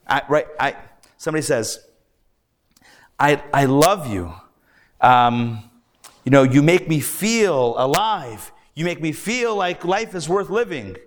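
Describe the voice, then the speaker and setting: A rabbi teaching a live class, telling stories in a lively, animated way with playful asides. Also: male voice, medium pitch.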